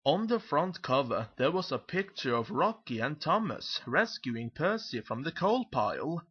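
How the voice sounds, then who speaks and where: Husky man reading a picture book. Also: on the high side, measured pace, dull audio. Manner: lively, expressive storytelling. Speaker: storybook narrator.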